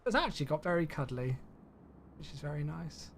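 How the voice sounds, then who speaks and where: A man's voice: a little high, big pitch swings, fairly quick, slight background noise. A man streaming a flight simulator, chatting in an easygoing way and answering viewers' questions aloud, a bit sleepy and yawning. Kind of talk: casual live-stream chat.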